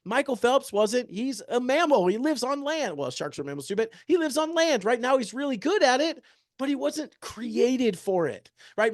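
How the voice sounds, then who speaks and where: A man in his thirties, a real estate agent giving an energetic, joking motivational talk and peppering the room with rhetorical questions. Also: high voice, no echo, studio quality. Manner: joking, upbeat. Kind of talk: motivational presentation to an audience.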